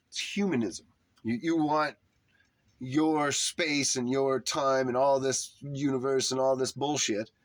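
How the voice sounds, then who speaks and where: A man's voice: mid-range voice, fairly bright tone, no room sound. A man delivering a heated, profane rant, putting heavy emphasis on his words and tone. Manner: heated, emphatic, swearing often. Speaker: religious commentator.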